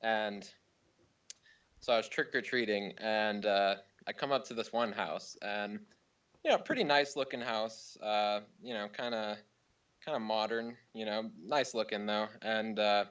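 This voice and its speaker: A young man calling in to a radio show, telling a long story in a rambling, deadpan way with many fillers. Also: lowish voice, unhurried, smooth, muffled recording. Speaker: caller. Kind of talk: prank story told over the phone.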